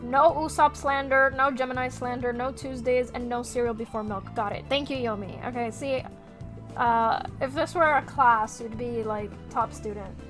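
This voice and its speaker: A woman streaming as she draws, chatting casually with her viewers, animated and quick to swear. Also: fairly high pitch, music in the background. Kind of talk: casual chat while drawing on stream.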